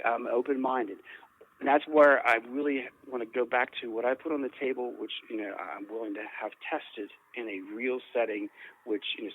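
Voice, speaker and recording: A man being interviewed about paranormal recordings, speaking in a rambling way, with frequent restarts and repeated words. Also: mid-range voice. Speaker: interview guest, paranormal investigator. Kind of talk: conversational interview. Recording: tinny phone-like line.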